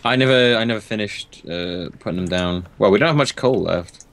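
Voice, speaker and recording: A man's voice: lowish voice, fairly quick. A young man co-hosting a casual gaming chat, teasing and joking, often laughing. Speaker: co-host of a gaming series.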